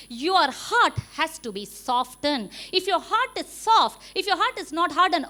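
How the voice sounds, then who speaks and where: A woman pastor with an Indian English accent delivers a sermon, her voice high and bright. She preaches emphatically, firing rhetorical questions and pausing for "Amen". She sounds middle-aged.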